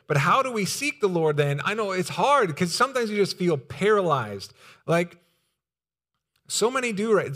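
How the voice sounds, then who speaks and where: A young man preaching a sermon as pastor, earnest and pleading, with pauses and restarts. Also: fairly high pitch, fairly bright tone.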